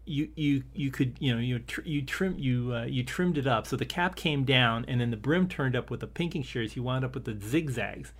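A man's voice: medium pitch, moderate pace, few pauses. Rambling man chatting casually. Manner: rambling, many restarts, laughs easily. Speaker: podcast co-host. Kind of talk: casual discussion of an old TV episode.

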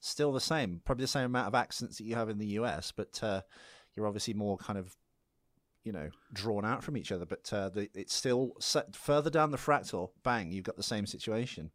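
A man from the English Midlands with a Midlands accent softened by years in London, chatting casually and jokingly as a podcast co-host. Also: fairly low pitch, brisk, no echo, clean studio sound. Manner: chatty, jokey, laughs often. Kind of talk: casual chat.

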